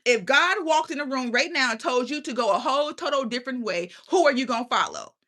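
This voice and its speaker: Blunt, profane woman with a bright voice. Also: high voice, expressive, brisk. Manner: blunt, profane, preachy questioning. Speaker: channel host. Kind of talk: casual livestream rant.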